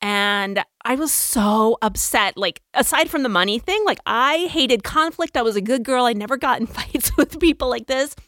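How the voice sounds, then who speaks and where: Animated woman telling a story. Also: moderate pace, hardly any pauses, no echo, clean studio sound. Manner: animated, acts out quotes with big pitch jumps. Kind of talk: casual storytelling.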